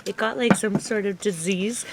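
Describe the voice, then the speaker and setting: A woman's voice: mid-range voice, normal speed, background noise. A woman co-hosting a casual podcast, laughing often and teasing her partner. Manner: giggly, playfully teasing. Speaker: co-host.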